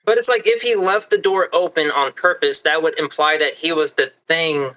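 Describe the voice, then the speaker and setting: A man with a very bright, forceful voice in a casual podcast discussion. He talks in quick, animated bursts and often restarts his sentences. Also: a little high, rough recording. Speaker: podcast co-host.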